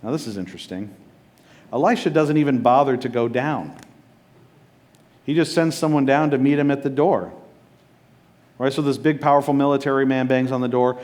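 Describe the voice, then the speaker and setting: Guy preaching a sermon, chatty and jokey, mid pitch, keeps checking in with the room. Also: a little fast, pauses often, darkish tone. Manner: casual and joking, often checks in with "right?". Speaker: pastor.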